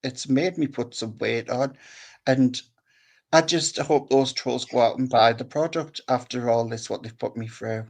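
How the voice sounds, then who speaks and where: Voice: mid-range voice, a little slow. A guest on a casual livestream, speaking indignantly.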